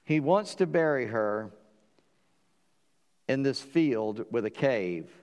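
A man with a Southern US accent preaching a sermon, animated and acting out the dialogue in voices. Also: mid-range voice, takes it slowly, clear, resonant tone, big-room sound. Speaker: pastor.

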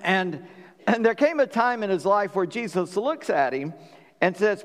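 Pastor preaching in a reverberant hall. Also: male voice, high voice, expressive, fairly quick. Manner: conversational, folksy preaching with repeated restarts. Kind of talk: sermon. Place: church sanctuary.

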